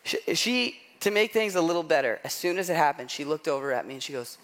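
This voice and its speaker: A man with a voice on the high side talks fast, with a little hiss or hum. Preaching a sermon as pastor, he tells stories in an animated, chatty way, mocking himself and using lots of "like" and "right?"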